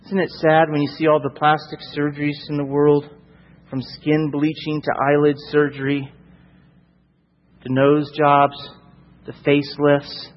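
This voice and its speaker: A man's voice: fairly high pitch, big-room sound, dull audio. A male preacher delivering a sermon emphatically, with repeated rhetorical questions.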